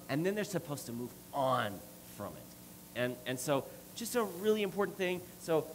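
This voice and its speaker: A man's voice: on the high side, very animated, moderate pace, slight background noise, low-quality recording. A middle-aged man preaching a sermon and telling a family story, with many restarts. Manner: rambling, restarts often, storytelling.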